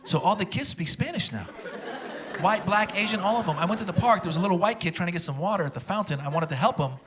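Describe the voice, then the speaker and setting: A middle-aged man from Iran doing loose, chatty stand-up comedy with quick impressions, with a loud laughing crowd behind him. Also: high-pitched, lively intonation, noisy background.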